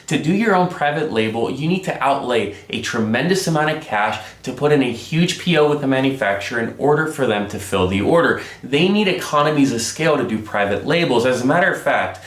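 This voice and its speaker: A man's voice: mid-range voice, fairly bright tone, roomy sound. A man hosting a casual business explainer vlog from his home studio, upbeat and talking straight to his viewers as guys. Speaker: business vlogger.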